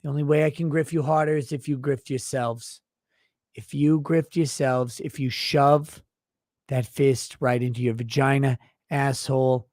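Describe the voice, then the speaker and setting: A man's voice: medium pitch, a little mellow, dry recording, studio quality. A man hosting a livestream, reading viewer super chats aloud and answering them in brash, profane, mock-indignant rants. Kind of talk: crude comedic livestream banter.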